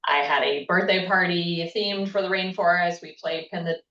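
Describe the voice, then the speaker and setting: A woman, a guest on a panel, answering in a friendly, reflective way with many pauses and ums. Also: fairly low pitch, fairly even intonation, bright, forceful tone. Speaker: panel guest, sustainability advocate. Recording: dull, echoey sound from far off.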